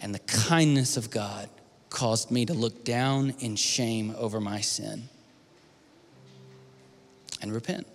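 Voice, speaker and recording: A man's voice: lowish voice, slow pace, pauses often. Man preaching in a reverberant hall. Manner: storytelling, swings from hushed whispers to loud pleading. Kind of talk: sermon. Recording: long hall reverb with faint music.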